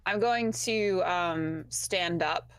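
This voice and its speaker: A woman's voice: fairly low pitch, drawn-out words, smooth, no echo, soft background music. A woman playing a tabletop game, explaining spell rules in a matter-of-fact way and speaking for her character. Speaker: player.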